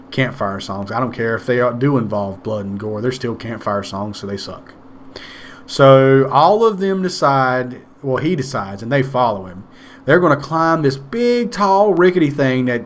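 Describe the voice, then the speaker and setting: A man's voice: mid-range voice, a little hiss or hum. A man casually recapping a movie, rambling, sarcastic and swearing now and then. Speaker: movie reviewer.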